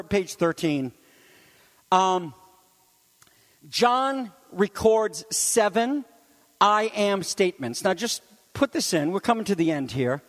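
Man, pastor, sermon, very high voice, animated, chatty asides, long church reverb. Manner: animated, building to shouts on key phrases; conversational asides to the congregation.

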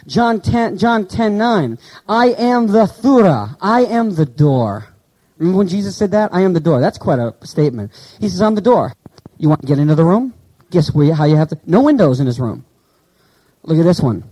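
A man preaching a sermon in a conversational way, asking his listeners questions and slowly reading out Greek words. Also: fairly high pitch, very animated, warm tone, poor audio. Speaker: pastor.

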